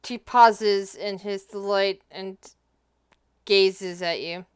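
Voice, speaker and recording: A woman's voice: medium pitch, fairly even intonation, slow, slight background noise. A woman with an Appalachian accent, running a tabletop game and chatting with laughs and stumbles. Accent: Appalachian American. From Appalachia, USA. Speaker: game master.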